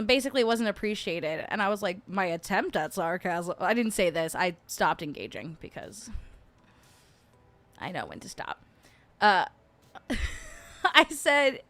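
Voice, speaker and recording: A sarcastic woman streamer from New Jersey hosts a casual livestream chat from home, chatty and laughing often. Her voice is medium in pitch with a fairly bright tone.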